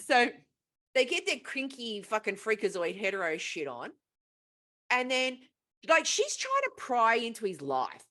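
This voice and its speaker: A woman's voice: a little high, huge pitch swings, measured pace, sharp tone. A woman co-hosting a casual podcast, retelling a film plot in a profane, rambling way. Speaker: podcast co-host.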